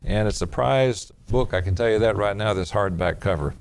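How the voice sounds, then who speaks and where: A man preaching a sermon, reading scripture verses aloud and explaining each one in a measured way. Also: lowish voice, darkish tone, a little hiss or hum.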